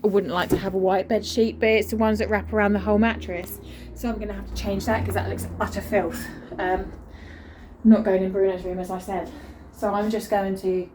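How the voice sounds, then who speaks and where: A woman's voice: medium pitch, a little mellow, a little hiss or hum, rough recording. A young woman vlogging into her phone at home, frank and tired, chatting about her family. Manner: frank, weary, chatty with sudden sing-song baby talk to her children and dog. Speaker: parent vlogger. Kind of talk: casual vlog chat. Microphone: phone camera.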